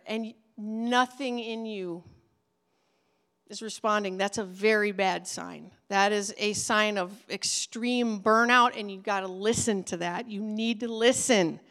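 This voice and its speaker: A woman's voice: on the high side, a bit bright, smooth. A woman giving an earnest, emphatic teaching talk to children's pastors in a conversational way. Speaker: ministry trainer for children's pastors.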